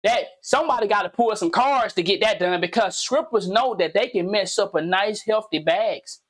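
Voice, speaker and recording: A man's voice: sits high, moderate pace, fairly bright tone. A man hosting his own commentary video, talking casually and animatedly in slang, repeating himself and firing off pointed questions. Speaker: commentary channel host.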